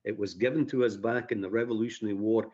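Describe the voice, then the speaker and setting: A man's voice: fairly low pitch, fairly even intonation, quick pace, a little mellow, slightly rough, muffled recording. A man from Scotland with a Scottish accent, a guest on a radio interview, telling stories with plenty of fillers and dry jokes. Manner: chatty, self-deprecating storyteller with many fillers.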